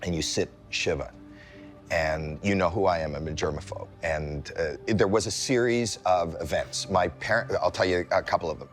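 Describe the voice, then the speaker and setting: Faint music plays behind a man in his sixties, a celebrity guest, as he tells a story at a moderate pace in a casual chat. Acting out the scenes, he shows lively comic timing and bursts into high-pitched yelps.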